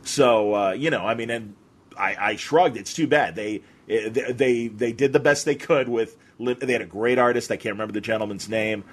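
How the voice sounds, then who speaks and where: Man, podcast host, husky, eager, rambling, chatty. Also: lowish voice, normal speed. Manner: enthusiastic, rambling, lots of restarts and fillers. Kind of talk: casual podcast conversation.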